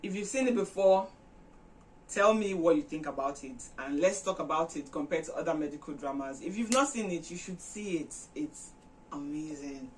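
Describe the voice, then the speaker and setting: A woman vlog host retelling a movie plot in a chatty, animated way with many fillers. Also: low voice, moderate pace, far from the mic, slight background noise, poor audio. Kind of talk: casual storytelling retelling a film.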